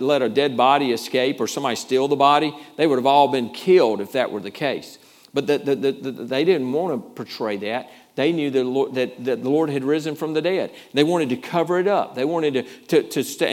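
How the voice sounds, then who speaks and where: A male pastor preaching a sermon in an earnest, emphatic way, often repeating words as he goes. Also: a little high.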